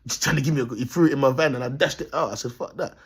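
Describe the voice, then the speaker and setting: A man's voice: mid-range voice, racing, husky. A man with a London accent telling a rambling, slang-filled story to his viewers, repeating himself and calling them "people". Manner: slangy, repetitive, bursts of laughter, addresses "people". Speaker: self-styled prophet vlogger.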